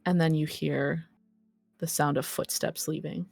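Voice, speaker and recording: A woman narrating as game master of a tabletop role-play, deliberate and unhurried with occasional fillers. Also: low voice, steady tone, vocal fry, darkish tone, no room sound, soft background music.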